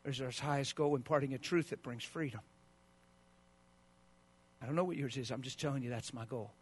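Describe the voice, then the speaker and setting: A man preaching a sermon as a pastor, swinging from quiet asides to loud, driving peaks. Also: fairly quick, husky. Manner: mocks sentimental sympathy with a high, wailing put-on voice.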